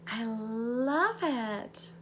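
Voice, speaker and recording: A woman's voice: a little high, lively intonation, very slow, fairly bright tone, a little hiss or hum. A woman life coach talking viewers through a guided visualization and chatting with them live. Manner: bubbly, laughs often with viewers.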